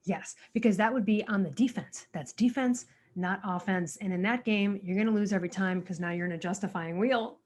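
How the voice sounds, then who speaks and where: A woman's voice: mid-range voice, fairly quick, few pauses, darkish tone. Candid, sweary woman podcast host. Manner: candid, profane storytelling, enthusiastic agreement. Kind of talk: casual podcast conversation.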